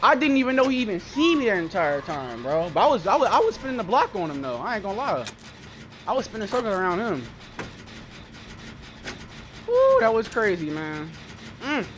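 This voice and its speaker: A young man, giving excitable, swearing commentary while playing a horror game. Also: high-pitched, moderate pace, pauses often, slight background noise. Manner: excitable, swearing, calls out in panic during chases. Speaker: gaming channel host. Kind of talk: live gameplay commentary.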